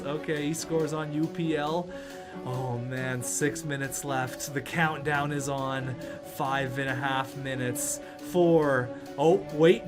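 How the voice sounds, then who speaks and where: A young man commentating his own hockey video game with excitement, calling plays and urging the players on. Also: a little high. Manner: hype, shouting at players, play-by-play. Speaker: gaming video creator.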